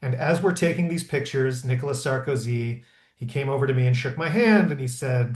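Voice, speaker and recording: A man in his thirties, a historical interpreter, telling stories in a lively way with many fillers and restarts. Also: medium pitch, fast. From Pennsylvania. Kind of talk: conversational storytelling. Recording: roomy echo.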